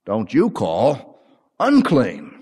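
A man voicing a commanding voice of God from heaven, giving slow solemn commands. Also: medium pitch, huge pitch swings, darkish tone, slightly rough, heavily acted. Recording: long hall reverb.

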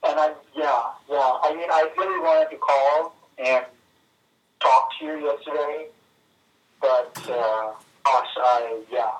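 A man in his thirties calling in to chat with friends, halting and full of fillers and restarts. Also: mid-range voice. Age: 30s. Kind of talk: casual phone conversation. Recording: tinny speakerphone from a distance.

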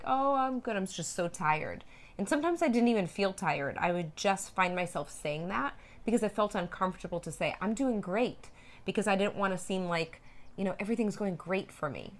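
A woman co-hosting a podcast, talking thoughtfully and a little hesitantly about her own experience. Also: fairly low pitch. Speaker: podcast co-host. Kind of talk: casual personal conversation.

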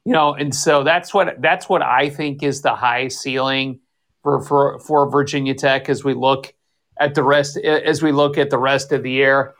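A man's voice: medium pitch, steady tone, unhurried, fairly bright tone. A man co-hosting a sports podcast, talking in a rambling, casual way with many restarts and self-corrections. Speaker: podcast co-host.

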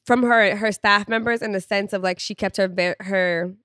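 A woman's voice: mid-range voice, fairly even intonation, moderate pace, a bit bright, dry recording, clean studio sound. A young woman co-hosting a podcast, chatting candidly and laughing often. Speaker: podcast co-host. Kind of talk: casual chat.

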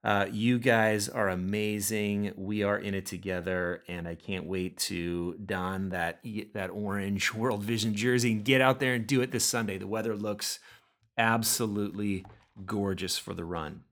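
A man's voice: on the low side, fairly even intonation, measured pace, fairly bright tone. A middle-aged man, hosting his own devotional podcast in an earnest, encouraging way with loose fillers. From United States. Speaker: podcast host. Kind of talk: casual spoken devotional podcast.

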